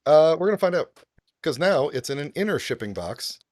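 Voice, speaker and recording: A man's voice: fairly high pitch, sing-song, a little fast, a little mellow, no echo, clean studio sound. A man co-hosting a casual geeky stream in an easygoing, self-described timid manner. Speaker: podcast co-host. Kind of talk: casual chat.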